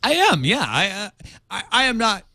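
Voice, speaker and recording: A man co-hosting a podcast, chatting casually with dry jokes and quick bursts of talk. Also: sits high, huge pitch swings, gravelly, pushed and bright, dry recording. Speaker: podcast co-host. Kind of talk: casual chat.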